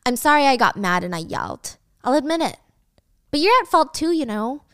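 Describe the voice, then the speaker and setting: A woman voicing a controlling, hot-tempered man who flips from wheedling to shouting threats, in a dry close recording. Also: sits high, very animated, fairly quick, clear, resonant tone, no echo. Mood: smug.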